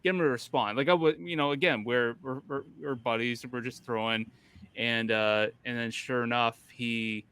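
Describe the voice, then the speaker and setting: A man's voice: mid-range voice, fairly even intonation, moderate pace, fairly bright tone, clear, resonant tone. A man hosting a casual podcast chat, telling a rambling story full of restarts. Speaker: podcast host.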